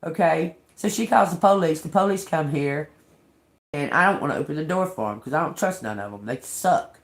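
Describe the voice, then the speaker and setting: A woman's voice: low-pitched, expressive, a little fast. A middle-aged woman on a livestream, angrily telling a personal story with lots of cursing. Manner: agitated, profane ranting. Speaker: livestream host. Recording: roomy echo.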